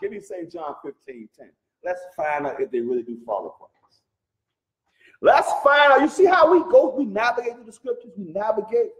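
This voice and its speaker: A man's voice: sits high, sing-song, normal speed, fairly bright tone, reverberant, poor audio. A man leading a Bible study, speaking emphatically and firing off rhetorical questions. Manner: calls the reader brother. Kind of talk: animated religious teaching.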